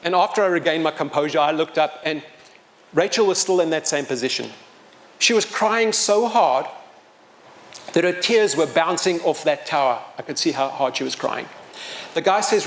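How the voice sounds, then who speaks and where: Animated man telling a story live. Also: on the high side, normal speed. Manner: animated, self-mocking humor, wide swings in loudness. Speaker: storyteller and motivational speaker.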